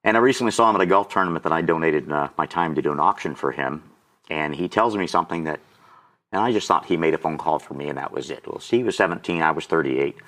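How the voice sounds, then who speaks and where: A man's voice: very deep voice, quick pace, fairly bright tone. A man in his sixties, an auctioneer and guest, telling his personal testimony and getting choked up with emotion. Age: 60s.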